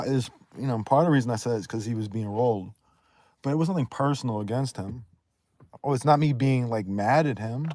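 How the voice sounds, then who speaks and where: A man talking casually on a livestream, blunt and profane, rambling and quick to raise his voice. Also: medium pitch, a little mellow, no room sound. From Northeast United States.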